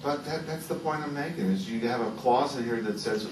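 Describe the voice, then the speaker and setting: Role: county negotiator. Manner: insistent, pressing. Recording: distant, echoey, noisy. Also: male voice, medium pitch, a little fast. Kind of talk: contract bargaining session. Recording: distant, roomy, noisy meeting-room recording.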